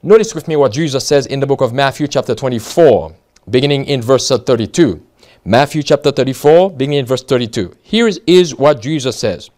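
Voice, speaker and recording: A man's voice: mid-range voice, animated, fairly quick, darkish tone. An American man preaching a Bible study sermon, reading passages aloud with many fillers and restarts, stressing key words.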